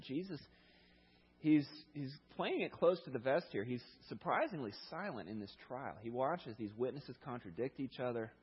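A male pastor preaching a sermon in a conversational, animated storytelling manner, heard through a dull, lo-fi recording. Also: mid-range voice, normal speed, breathy edge.

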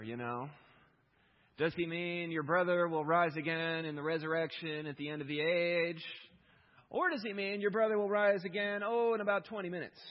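A man preaching a sermon, moving between loud pleading questions and quiet reflective reading, with a husky voice. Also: on the high side, lo-fi sound. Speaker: pastor.

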